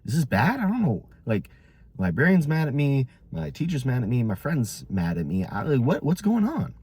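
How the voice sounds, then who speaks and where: A man's voice: huge pitch swings, moderate pace, darkish tone, breathy edge, no echo, heavily acted. A man voicing a bewildered young schoolboy who whines plaintively. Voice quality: high, whiny and plaintive.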